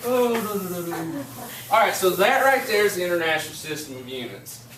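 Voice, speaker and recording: A male teacher, talking to a classroom and spinning a story with plenty of energy. He is picked up from across an echoey room, and the recording carries a steady background noise. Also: high-pitched, brisk. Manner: animated storyteller, laughing while telling. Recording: echoey classroom from far off, noisy.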